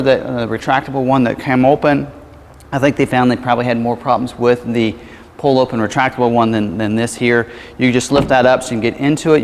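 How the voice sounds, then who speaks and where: A man's voice: mid-range voice, long reverb tail, a little hiss or hum. Man walking around a car, explaining features. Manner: casual, explanatory, frequent fillers and self-corrections. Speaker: car salesperson. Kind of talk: vehicle walkaround demonstration.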